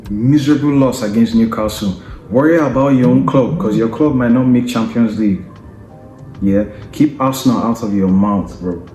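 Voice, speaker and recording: A man's voice: medium pitch, mellow, roomy sound. A man hosting a football podcast, delivering an opinionated, taunting rant and often adding "yeah?" and "you understand?" to press his point. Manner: taunting, combative, repeats tag questions like "yeah?" and "you understand?".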